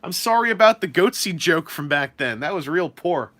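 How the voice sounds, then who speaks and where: A young man chats loosely to his livestream audience, rambling with lots of "uh" and "like". His voice is bright and very lively in pitch. He sounds dry and close to the mic. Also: moderate pace, dry recording. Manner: rambling, self-deprecating, lots of fillers. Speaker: streamer. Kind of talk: casual livestream chat.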